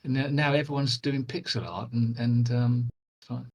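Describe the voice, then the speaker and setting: A man over sixty, a game developer guest, chatting in a jokey, animated way on a video call. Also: medium pitch, moderate pace, lo-fi sound.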